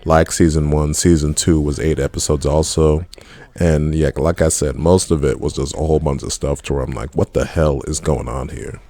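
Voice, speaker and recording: A mellow bass voice belongs to a film and TV reviewer giving a casual spoken review of a TV series. He doesn't mince words, swearing freely and offering candid, blunt opinions.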